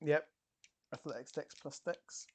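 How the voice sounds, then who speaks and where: A man's voice: a little high, a little slow. A man playing a tabletop game, describing his character's moves in a playful, laughing manner. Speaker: player.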